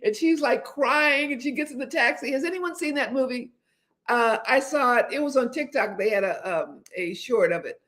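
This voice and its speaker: Hosting a relaxed livestream chat, this seventy-something woman speaks at normal speed in a high, fairly bright voice. Her talk wanders, full of restarts and hesitations.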